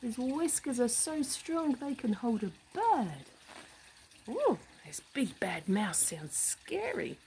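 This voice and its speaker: A woman reading a picture book aloud to children, animated, with gasps, hushed asides and questions to the listener. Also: a little high, takes it slowly, slight background noise, rough recording. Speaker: storybook reader.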